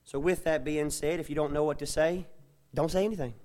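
A man preaching a sermon, often tagging his points with a questioning "amen?" and building from quiet asides to loud, emphatic stretches. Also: a little high, fairly even intonation, a little fast. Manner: tags phrases with a questioning "amen?". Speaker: pastor.

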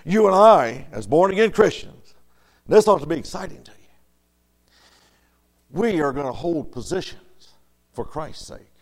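A man preaching a storytelling sermon in a folksy way, dropping to soft murmurs and rising to loud, emphatic lines. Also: fairly high pitch, lively intonation, a little slow, pauses often.

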